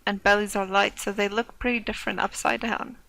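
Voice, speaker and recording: A woman's voice: mid-range voice, little pitch movement, fairly quick, creaky, fairly bright tone, no echo, low-quality recording. A young woman playing a visual novel, reading the text aloud with playful, wry asides. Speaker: let's play streamer.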